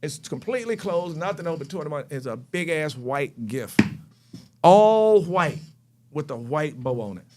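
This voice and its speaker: A man from North Carolina, a podcast guest telling a life story in an animated way and acting out scenes. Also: fairly high pitch, moderate pace, heavy background noise. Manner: animated, acts out scenes and voices. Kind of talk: storytelling chat.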